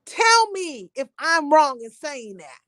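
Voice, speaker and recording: A woman's voice: high voice, very animated, slow, a bit bright, no echo. A woman hosting a livestream, talking to her viewers in an emphatic, profane, preachy way. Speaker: livestream host. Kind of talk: impassioned livestream rant.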